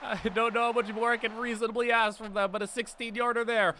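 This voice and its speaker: Young male gamer, hoarse and bright-toned, shouts over plays, faint hiss under his desk mic. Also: very high voice, flat delivery, fast talker, hardly any pauses. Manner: yells and groans over plays, swings from hoarse mutter to shouting. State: hoarse from yelling. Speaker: gaming YouTuber. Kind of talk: excited gameplay commentary.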